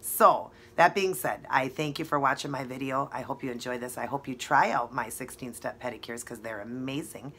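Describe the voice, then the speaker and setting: Giggly low-voiced woman vlogger. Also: moderate pace, few pauses, a bit bright, a little hiss or hum. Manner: giggly, chatty, keeps breaking into laughter. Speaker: beauty vlogger. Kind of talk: casual vlog chat.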